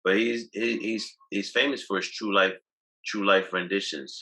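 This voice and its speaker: A cannabis activist appears as a guest on a video call, telling loose, boastful stories in casual interview talk and often restarting his sentences. His voice is fairly low, steady, pushed and bright at a normal speed, and the recording quality is low.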